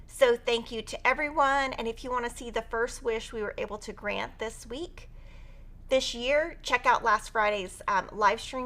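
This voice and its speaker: A woman's voice: fairly high pitch, pushed and bright. A woman teaching a quilting tutorial on a live stream, chatty and upbeat as she talks through cutting fabric. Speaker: quilting instructor.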